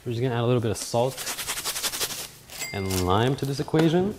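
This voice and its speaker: A man hosting a casual cooking vlog in a home kitchen, talking in a joking, self-mocking way with sudden loud outbursts. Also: mid-range voice, expressive, brisk, heavy background noise. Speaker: cooking video host.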